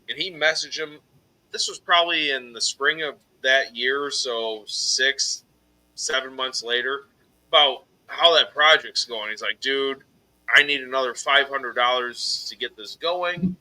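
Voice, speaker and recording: A man on a collectors' live stream telling a heated story, swearing heavily and loudly acting out his own angry replies. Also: medium pitch, a little slow, poor audio. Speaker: podcast host telling a story. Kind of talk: casual live stream chat.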